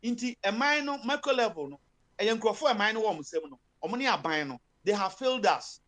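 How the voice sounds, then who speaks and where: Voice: mid-range voice, expressive, fast talker, fairly bright tone. A speaker with a Ghanaian accent giving impassioned political commentary, switching between Twi and English with many fillers and emphatic bursts.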